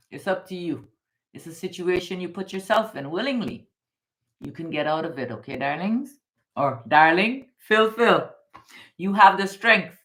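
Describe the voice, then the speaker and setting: Woman, tarot reader, from Guyana, slightly low voice, affectionate, calls the listener darling, repeats their name, excited then hushed. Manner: swings between excited high exclamations and low, hushed advice. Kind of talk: live tarot and numerology reading.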